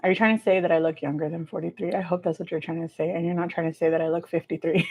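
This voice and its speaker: A woman's voice: fairly low pitch, steady tone, racing, few pauses, darkish tone. A woman in her forties from California, chatting casually with viewers on a livestream and laughing often. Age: 40s. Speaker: livestream host. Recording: slightly dull lo-fi sound.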